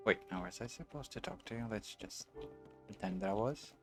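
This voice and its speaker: A man's voice: fairly low pitch, brisk, over music. A man streaming a video game, chatting casually and answering viewers while he plays. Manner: chatty, reads and answers viewers, muses aloud. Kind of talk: casual let's-play chat.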